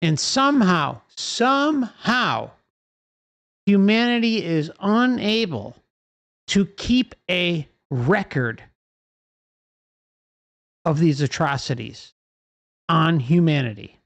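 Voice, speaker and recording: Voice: mid-range voice, slow pace, pauses often, no room sound. A livestream host delivering an impassioned, profane rant full of rhetorical questions.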